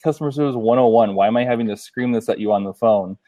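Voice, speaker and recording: A man co-hosting a casual business chat, telling a story in an animated way and acting out both sides of phone calls. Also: mid-range voice, quick pace. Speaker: podcast co-host.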